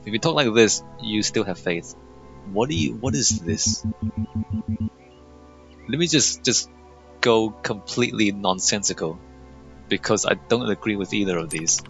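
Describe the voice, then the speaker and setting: A man's voice: fairly low pitch, animated, measured pace, vocal fry, pauses often. A young man in casual gameplay commentary, sarcastic and mocking as he reads game dialogue aloud. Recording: muffled lo-fi mic over faint game music.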